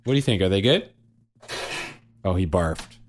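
A man in his thirties talks in loose, self-mocking asides on a family chat show. His pitch swings widely, and he keeps circling back with fillers and restarts. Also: expressive, moderate pace, slight background noise. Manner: rambling, self-deprecating, lots of fillers and restarts. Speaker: podcast co-host and father.

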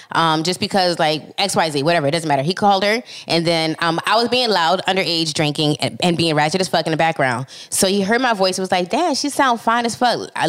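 A woman in her thirties from Philadelphia with a Philly accent, co-hosting a casual chat and telling stories with lots of laughter and swearing. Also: on the low side. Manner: animated storyteller, swears freely, laughs often. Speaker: podcast co-host.

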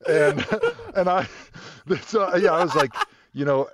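A man's voice: sits high, huge pitch swings, slow pace, lo-fi sound. A man, a former football player and guest, telling a long story in casual talk, rambling with plenty of fillers.

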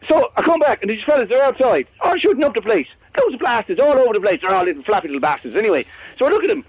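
A man's voice: very high voice, sing-song, rapid-fire, breathy edge, exaggerated voice, poor audio. A man doing a babbling tinker. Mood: rambling. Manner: rambling, jovial, talks over others. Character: chatty middle-aged male tinker. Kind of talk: improvised comedy podcast.

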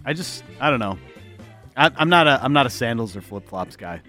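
A man's voice: mid-range voice, lively intonation, brisk, pushed and bright, faint music behind. A married man hosting a casual podcast chat, playful, laughing often and steering the topics. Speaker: podcast host.

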